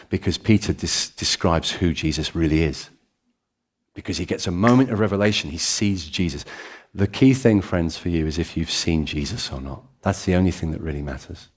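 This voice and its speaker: A British pastor preaching to his congregation in a church room. His voice sits a little low, and he tells stories with animated swings and touches of self-deprecating humour. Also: moderate pace. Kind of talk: sermon.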